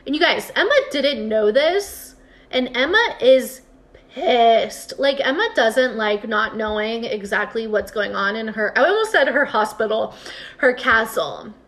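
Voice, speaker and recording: A young woman with a slightly high voice, chatting casually as she recaps a TV episode. She talks in a loose, filler-heavy way and drops into quick impressions of the characters. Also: animated, a bit bright. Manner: chatty, lots of "like", acts out characters' lines. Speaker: podcast co-host recapping a TV episode. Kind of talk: casual chat.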